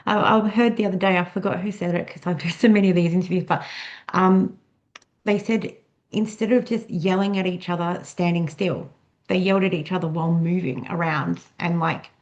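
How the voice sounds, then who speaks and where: A woman's voice: on the low side, fairly even intonation, brisk, dull audio. A woman hosting an interview, giving short affirming responses and asking questions. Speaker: interview host. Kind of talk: casual interview chat.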